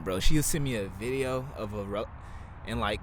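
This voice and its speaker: A man's voice: lowish voice, moderate pace, background noise. A young man co-hosting a casual podcast chat, slangy and laid-back, often laughing. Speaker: podcast co-host.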